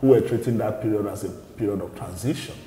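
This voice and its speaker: A man speaks as a party spokesman in an interview. His voice is mellow and dark, with even pitch. His answers are measured and explanatory. The room has a long, echoey reverb. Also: a little hiss or hum. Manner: measured, explanatory, repeats words when restarting.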